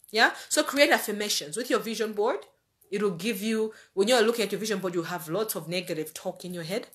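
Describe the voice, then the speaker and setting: Woman, average pitch, earnest, conversational, motivational faith talk. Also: a bit bright. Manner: earnest, conversational, repeats phrases for emphasis. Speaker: life-planning speaker.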